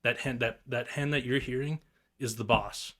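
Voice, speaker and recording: A young man chats casually on a podcast, rambling through stories in a relaxed, easygoing way. He speaks at an ordinary middle pitch and keeps things loose and informal, with the odd curse word. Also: moderate pace. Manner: rambling, laid-back storytelling with swearing and mimicked turkey calls. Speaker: guest turkey hunter.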